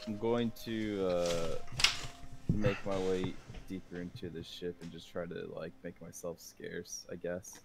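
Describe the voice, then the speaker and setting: A man as a player, speaking slowly and trailing off uncertainly in a tabletop game. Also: sits low, little pitch movement, noisy background. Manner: slow, trailing off, unsure. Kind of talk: casual tabletop game chat.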